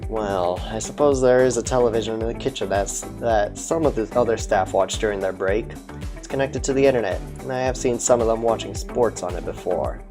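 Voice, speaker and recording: A man's voice: on the low side, fairly quick, over music, voice pushed down, natural voice. A man voicing a formal, overly polite male butler in a game. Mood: prim.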